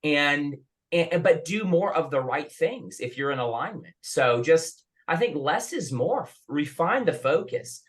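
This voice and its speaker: A man hosting a sales session over a video call, chatty and enthusiastic, often restarting his sentences. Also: on the high side. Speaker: host. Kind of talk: casual chat.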